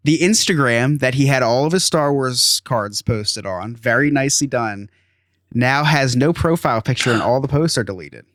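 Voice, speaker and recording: A thirty-something podcast host tells an exasperated story in casual chat, acting out the quotes. His mid-range voice is animated and a bit bright at normal speed, with studio-quality sound and no room echo.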